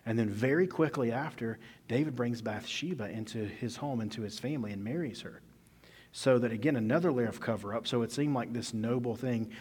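This pastor's voice is mid-range and slightly rough, and he moves at a brisk clip. He delivers his sermon conversationally, as a story, alternating booming emphasis with hushed asides, and the church hall around him echoes.

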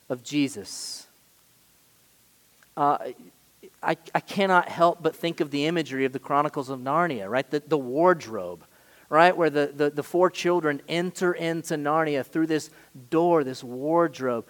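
Pastor, male, high-pitched, emphatic sermon delivery with big dynamic swings, reverberant hall sound. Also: a little slow. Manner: emphatic preaching with sharp swings in loudness.

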